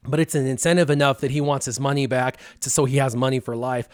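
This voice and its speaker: Casting: male stream co-host, casual storyteller who acts out his own lines with animated bursts, middle pitch, dry close mic. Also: fast, clear, resonant tone, dry recording.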